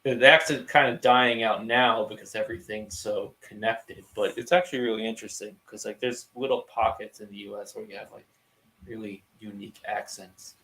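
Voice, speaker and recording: A young man from the US East Coast hosts a relaxed chat, his speech full of "like" and quick asides. His fairly low voice comes through with a roomy echo. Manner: chatty, says like a lot. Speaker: podcast host. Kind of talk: casual podcast chat.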